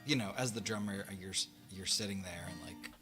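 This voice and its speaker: A man's voice: low voice, a little fast, in a large hall, over music. A man hosting a casual live stream as a musician. He rambles, swears a lot and laughs between his lines.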